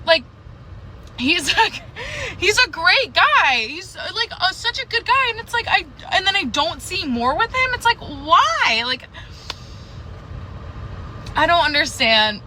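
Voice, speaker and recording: A woman in a played vlog clip talking in a frustrated, halting way with many fillers, near tears. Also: very high voice, big pitch swings, sharp tone, slight background noise, rough recording. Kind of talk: confessional vlog.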